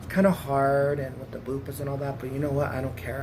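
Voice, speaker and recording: A woman's voice: a bass voice, completely flat delivery, fast. A woman vlogger in casual storytime chat, giggly and chatty, often breaking into laughter. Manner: chatty, keeps calling the viewer "girl". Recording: noisy background hiss.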